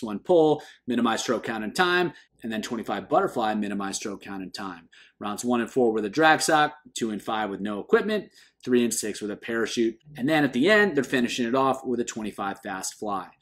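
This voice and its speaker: A man coaching swimmers through training concepts in a clear explainer style. His pitch is mid-range and his voice lifts and dips with animated emphasis as he ticks through lists. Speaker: swim coach. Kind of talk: instructional explainer.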